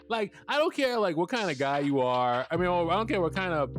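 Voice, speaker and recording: Rambling podcast host over background music. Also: male voice, a little high, very animated, brisk, hardly any pauses. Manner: rambling, laughs often, swears freely, many fillers. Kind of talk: casual episode recap.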